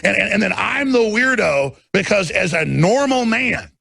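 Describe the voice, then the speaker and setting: Gravelly husky guy ranting on his show, fairly high voice, goes from muttering to full yelling. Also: lively intonation, normal speed, dry recording. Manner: shouting, intense, swings from low muttering to roaring. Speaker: talk show host. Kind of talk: impassioned broadcast rant.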